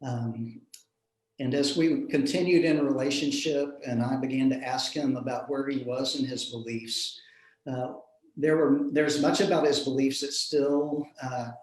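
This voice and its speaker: A man, a minister telling a personal story in an earnest, reflective way with soft chuckles. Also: fairly high pitch. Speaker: minister in a panel discussion. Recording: roomy echo.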